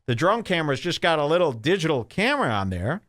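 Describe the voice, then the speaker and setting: A man hosting a podcast, delivering a mocking comedic rant with exaggerated swings between loud and low. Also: very animated, fast talker, no room sound, studio quality. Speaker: podcast host. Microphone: studio microphone.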